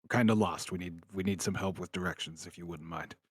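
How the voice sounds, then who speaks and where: A man's voice: sits low, fairly even intonation, fast talker, husky, no echo, clean studio sound. A man casually playing a tabletop game, swearing now and then. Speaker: player.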